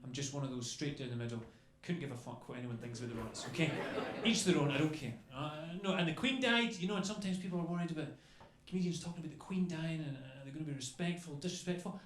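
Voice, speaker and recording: Brief: male stand-up comic, slightly high pitch, loose chatty rambling delivery, live echoey club room. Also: fast talker, hardly any pauses. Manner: rambling, chatty, peppered with "okay?" and "you know". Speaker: stand-up comedian. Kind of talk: stand-up comedy set. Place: comedy club stage.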